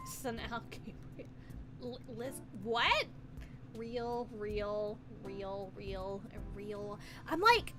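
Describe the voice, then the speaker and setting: A woman's voice: a little high, slow. A woman streamer in casual live-stream chat, giggly, playful and rambling as she muses aloud.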